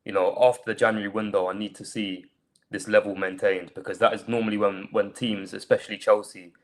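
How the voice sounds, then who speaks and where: Guy with a lowish voice talking football, calm and reasoned. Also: fairly quick. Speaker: fan channel panelist. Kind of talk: casual football analysis.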